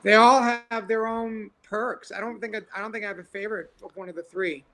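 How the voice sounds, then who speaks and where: A man from Brooklyn, a cabaret performer, guesting on a podcast over a video call, easygoing and a bit halting. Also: high voice, steady tone, fairly bright tone, rough recording. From Brooklyn, New York. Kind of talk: casual interview answers.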